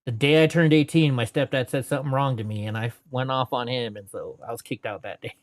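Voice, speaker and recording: A man in his late forties spins loose, rambling stories in an easy, mid-pitched voice. He corrects himself mid-sentence and keeps moving. The recording is dry and close, with no room sound. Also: fairly even intonation, quick pace, no room sound. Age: 40s. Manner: rambling, self-correcting, laughs between anecdotes; puts on voices when quoting people. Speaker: interview guest. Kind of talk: storytelling in casual interview.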